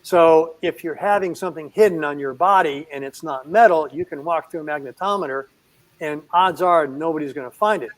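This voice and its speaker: A middle-aged man, a veterinarian guest, telling an anecdote in an animated way with chuckles. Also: on the high side, brisk, low-quality recording. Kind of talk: anecdotal storytelling.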